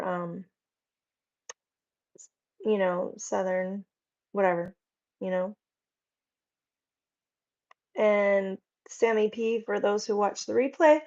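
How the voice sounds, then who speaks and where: A woman's voice: medium pitch, darkish tone, highs cut off. A woman hosting a casual livestream, chatting and reading viewer comments in a rambling, friendly way. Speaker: livestream host. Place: home.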